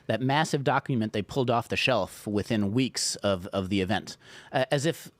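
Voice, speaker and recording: Low-voiced man, firm and declarative. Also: normal speed, no room sound. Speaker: guest panelist. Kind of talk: panel discussion.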